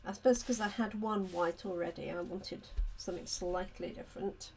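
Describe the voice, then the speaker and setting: Working through a live card-making demo, a woman craft demonstrator chats away, calling viewers by name and replying to what they write. Her gravelly voice is on the low side, with fairly even intonation and normal speed, over slight background noise.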